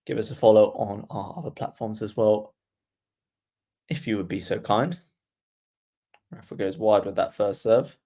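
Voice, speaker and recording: A fairly low-pitched man, calling points on a livestream. He talks casually to his viewers and quickens as rallies heat up. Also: warm tone. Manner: chatty, reads viewer comments aloud, quickens during rallies. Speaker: livestream tennis commentator. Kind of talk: casual play-by-play watchalong commentary.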